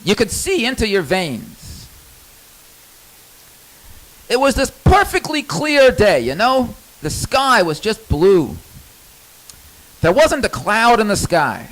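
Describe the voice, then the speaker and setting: A man's voice: sits high, sing-song, takes it slowly, pauses often, a bit bright, low-quality recording. A man telling a personal story in a candid, rambling monologue, cursing freely.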